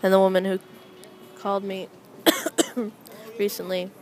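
A young adult woman hosting a casual solo chat, rambling with wry, deadpan asides as she comments on people passing by. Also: mid-range voice, unhurried, a little hiss or hum, rough recording. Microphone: close microphone.

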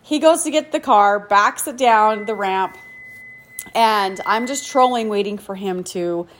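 A woman in her forties telling a personal story in a chatty, self-deprecating way, full of "like" and quick laughs. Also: medium pitch, a little hiss or hum. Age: 40s. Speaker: podcast host. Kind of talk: casual storytelling monologue.

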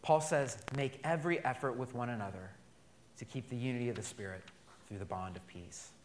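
A man preaching a sermon as pastor, drawing call-and-response from the congregation and swinging between emphatic and quiet delivery. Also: mid-range voice, a little fast, slight background noise.

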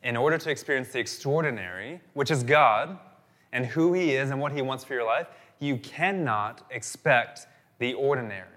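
A male pastor delivering a sermon in an animated, storytelling way, stacking repeated phrases for emphasis. His voice sounds bright and forceful, at a middle pitch for a man. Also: normal speed.

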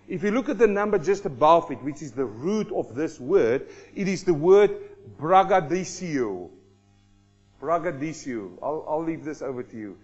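Male preacher, high and animated, acts things out mid-sermon, church recording a bit muffled. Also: soft background music. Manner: animated, acts out everyday people in quick asides. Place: church congregation hall.

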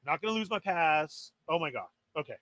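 Host, male, high and bright voice, excitable storyteller, dry close mic. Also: fast talker, no echo. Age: adult. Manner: excitable, exasperated, acts out his own quotes. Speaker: toy podcast co-host. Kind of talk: animated storytelling on a live stream.

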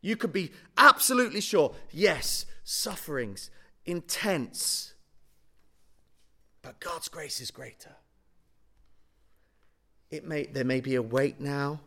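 A man with a high, bright voice preaching a sermon. He swings from booming declarations down to near-hushed lines, stretching out key words for weight. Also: lively intonation, slow, long pauses.

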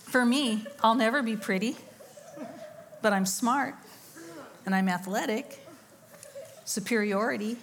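A woman's voice: on the high side, unhurried, long pauses. Woman, middle-aged, sermon, storytelling with acted quotes, faint background hiss. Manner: storytelling, animated quoted voices, laughing asides. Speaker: conference speaker. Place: church or conference hall.

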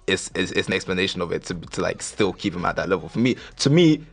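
A man's voice: low-pitched, animated, fast, vocal fry, husky. A man co-hosting a casual chat, laid-back and slangy, often repeating his phrases.

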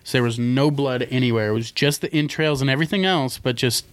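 A man's voice: medium pitch, quick pace. A young man in casual podcast chat, rambling through stories with lots of swearing and mimicked voices. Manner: rambling storyteller, swears a lot, mimics people.

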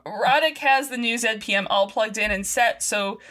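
A woman co-hosting a podcast, recapping a TV episode with lively, playful energy. Her voice sits a little high with a bright, forceful edge. She laughs easily and acts out the characters' lines as she goes. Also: normal speed. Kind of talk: casual chat.

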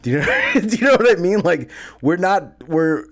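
A man with a higher voice and a lively, swooping delivery, chatting loosely on a podcast. He tells stories animatedly, breaks into laughter often and acts out the voices of people he quotes. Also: moderate pace. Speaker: podcast co-host. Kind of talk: casual chat.

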